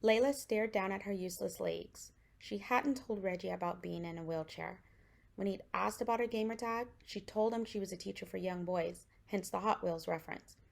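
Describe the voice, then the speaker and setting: Gravelly woman reading her fiction. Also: mid-range voice, moderate pace. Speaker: author.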